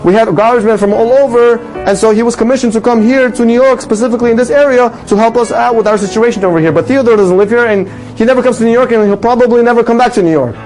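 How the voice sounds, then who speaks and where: A man voicing a blunt male garbage truck worker in a retold story, explaining excitedly. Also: very high voice, fast, hardly any pauses, soft background music, voice pushed up, poor audio. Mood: puzzled, explaining.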